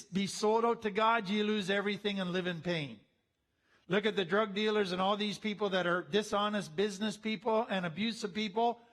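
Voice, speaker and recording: High-voiced man teaching with earnest warmth. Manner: slows down and leans in when quoting scripture; earnest, conversational. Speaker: speaker teaching on trauma. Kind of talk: teaching talk with read-aloud scripture.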